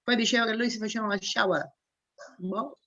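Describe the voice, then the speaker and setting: A woman, a guest and mother, chatting casually on a video call, lively and quick to laugh. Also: on the high side, highs cut off, crowd noise.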